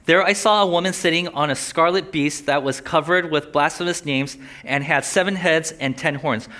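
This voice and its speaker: Lisping preacher, bright and casual. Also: male voice, on the high side, normal speed. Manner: conversational, joking asides, voices inner thoughts. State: slight lisp from a sore tongue. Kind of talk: sermon.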